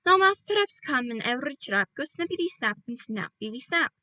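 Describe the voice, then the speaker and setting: Woman doing a shouty old witch boss, high and sharp, bad grammar, gloating. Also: very animated, fairly quick, dry recording, full character voice, low-quality recording. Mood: chanting. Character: fierce ancient female witch leader, gloating.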